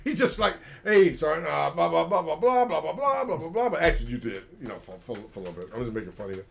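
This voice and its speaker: Middle-aged male vet, higher-pitched, casual anecdote teller who acts out dialogue. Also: fast, creaky, slight background noise. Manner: animated, acts out quoted dialogue. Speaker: retired special forces soldier, guest. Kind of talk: casual storytelling on a livestream.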